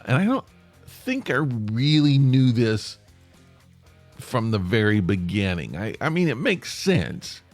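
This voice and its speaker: A man hosting a podcast, rambling on in a chatty way with playful asides. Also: mid-range voice. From United States. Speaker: podcast host. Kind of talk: casual solo podcast monologue.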